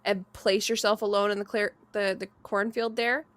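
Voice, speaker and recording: A woman's voice: medium pitch, little pitch movement, moderate pace, a bit bright, no room sound. A woman co-hosting a casual podcast chat, laughing easily as she reads out short spooky stories. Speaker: podcast co-host.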